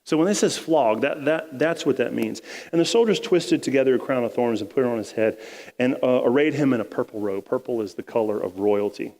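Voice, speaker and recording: A man's voice: mid-range voice, fairly quick, darkish tone, in a large hall. A male pastor preaching a sermon in a casual, conversational way, retelling scripture in everyday slang.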